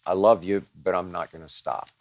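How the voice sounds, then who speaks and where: A man's voice: deep voice, fairly even intonation, moderate pace, dry recording. A man hosting a show, answering listener questions in a dramatic, emphatic monologue that piles up strong words.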